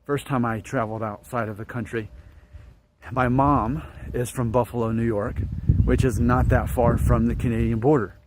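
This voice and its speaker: A man's voice: medium pitch, steady tone, moderate pace, noisy background. Rambling man musing on camera. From northern Alabama, United States. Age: late 30s. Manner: musing, repeats himself, trails off. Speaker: vlogger. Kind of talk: casual monologue to camera.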